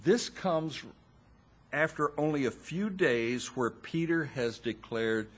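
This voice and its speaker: A man preaching a sermon, slow and expressive, with dramatic pauses and wry asides to his listeners. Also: fairly high pitch.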